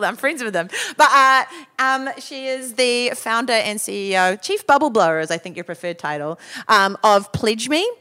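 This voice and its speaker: A woman's voice: fairly high pitch, sharp tone. A woman with a New Zealand accent telling stories and hosting on a live theatre stage. She speaks in a casual, chatty way with lots of ums and uhs. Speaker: host. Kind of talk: live storytelling.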